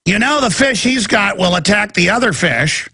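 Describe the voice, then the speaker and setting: A man's voice: lively intonation, moderate pace, creaky, bright, forceful tone, slightly rough, no room sound, studio quality, heavily acted. A man mocking a nagging busybody woman. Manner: lecturing, mocking falsetto.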